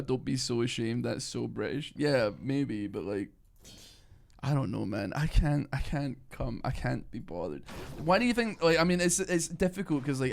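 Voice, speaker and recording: A man's voice: medium pitch, vocal fry, slight background noise. A man streaming a video game, chatting casually in a rambling way with lots of fillers. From Scotland. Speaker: gaming streamer. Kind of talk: casual gameplay commentary.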